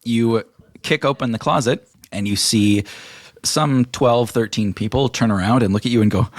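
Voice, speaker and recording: A man narrating as game master in a playful, animated way. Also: mid-range voice, moderate pace, no room sound.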